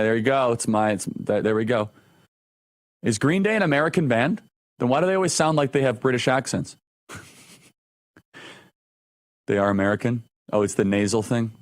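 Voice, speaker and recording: A man's voice: medium pitch, expressive, normal speed, long pauses. A man hosting a talk show, delivering an opinionated monologue with emphatic, repeated phrases.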